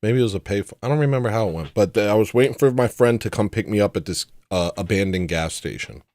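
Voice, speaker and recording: A man's voice: on the low side, expressive, quick pace, darkish tone, no echo, studio quality. A man hosting a livestream show, telling a personal story in a casual, rambling way with frequent restarts.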